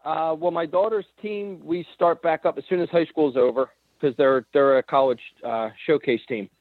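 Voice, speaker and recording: An easygoing man phones in to a sports podcast, chatting about coaching baseball. His voice sits a little high. It comes through a thin, tinny phone line. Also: fairly even intonation, moderate pace, no room sound. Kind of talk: casual sports chat. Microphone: phone call.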